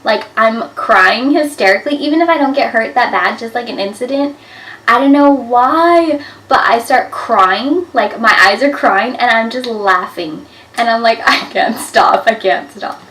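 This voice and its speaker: A woman in her twenties telling embarrassing stories to camera in a chatty, animated way, with lots of "like" fillers. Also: on the high side, moderate pace. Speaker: vlogger. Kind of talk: casual storytelling to camera. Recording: echoey room, a bit far from the mic.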